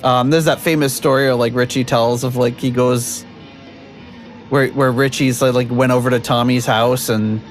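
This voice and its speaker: A man's voice: medium pitch, fairly even intonation, moderate pace, faint music behind. A man hosting a podcast in casual chat over a video call, rambling with lots of fillers and frequent laughs. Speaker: podcast host.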